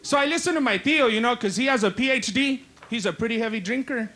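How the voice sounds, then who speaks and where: On a live comedy stage, a man with a very high voice tells punchy stories, acting out his relatives and cops in quick voices. Background noise is present.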